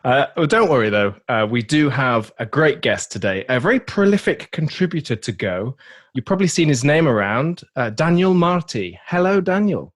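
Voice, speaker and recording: A man's voice: mid-range voice, big pitch swings, normal speed. A man hosting a casual tech podcast, playful and self-deprecating, laughing often. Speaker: podcast host.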